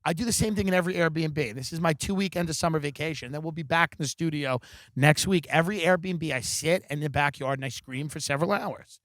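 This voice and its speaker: A man doing a comedic monologue rant, sardonic and theatrical, with plenty of swearing. His voice sits a bit high for a man, close and dry on the mic. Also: a little fast, fairly bright tone, no room sound. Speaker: podcast host. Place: backyard of a rental house. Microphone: studio microphone.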